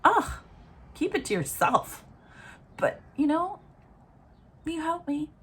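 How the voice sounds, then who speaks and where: A woman's voice: sits high, sing-song, takes it slowly, fairly bright tone. A woman in her forties talking frankly and reflectively to her viewers in a casual, motherly monologue. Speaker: vlogger.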